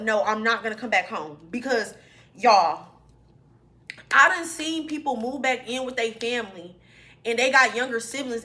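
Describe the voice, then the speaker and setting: Calling her audience "y'all," a young vlogger relates a personal story in a casual, chatty storytime vlog. Her voice sits fairly high and sounds bright and forceful.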